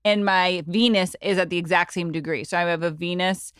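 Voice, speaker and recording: A woman's voice: on the low side, steady tone, fairly quick, a bit bright, clear, resonant tone, no room sound, clean studio sound. A woman hosting a podcast in casual chat, talking loosely and filling her speech with "like". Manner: chatty, fills talk with "like". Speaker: podcast host.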